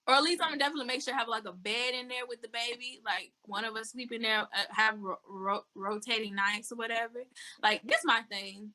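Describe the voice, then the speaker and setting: A woman speaks as an interview guest with a fairly high, very bright and forceful voice. She is blunt and outspoken and tells it how she sees it in relaxed, casual talk. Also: quick pace.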